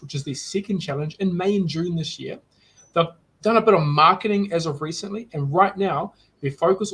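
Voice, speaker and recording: A man's voice: on the high side, a bit bright, husky, low-quality recording. A man hosting a live online student market, upbeat and rambling with frequent restarts.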